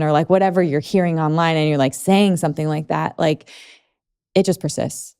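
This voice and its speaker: A woman's voice: low-pitched, steady tone, fairly quick, mellow, clear, resonant tone. A woman in her thirties hosting a podcast, talking in a rambling way full of "like". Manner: rambling, lots of "like". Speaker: podcast host. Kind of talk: conversational podcast interview.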